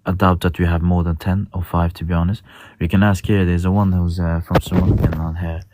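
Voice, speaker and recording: A man from Djibouti debating calmly on a live stream, hesitant and full of fillers. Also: sits low, brisk, no echo, studio quality. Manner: patient, hesitant, many fillers and restarts. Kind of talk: casual debate.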